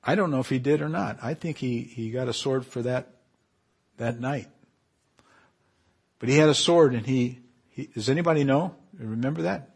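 A man preaching a sermon in an animated way, often repeating and restarting phrases and building to loud, emphatic peaks. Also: medium pitch, moderate pace, creaky, pauses often, slightly rough.

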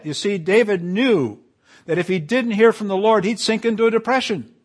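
A man preaching a sermon to his congregation, quoting scripture with emphatic swells and quiet drops. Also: sits high, moderate pace. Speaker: pastor.

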